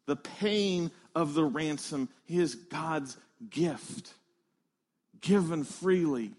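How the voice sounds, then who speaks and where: A male pastor delivers a sermon in an earnest, emphatic way. His voice sits fairly high and he takes his time, stressing phrase after phrase. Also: very slow, a little mellow.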